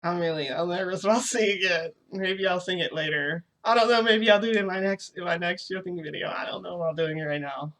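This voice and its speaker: A woman's voice: lowish voice, brisk, hardly any pauses, fairly bright tone. A woman vlogger telling a story in a chatty, rambling way, full of fillers. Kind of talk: casual storytelling vlog.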